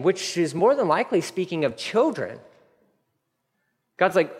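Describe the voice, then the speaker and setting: Animated preacher, high lively voice. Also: male voice, moderate pace. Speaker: pastor. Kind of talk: sermon. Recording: long hall reverb.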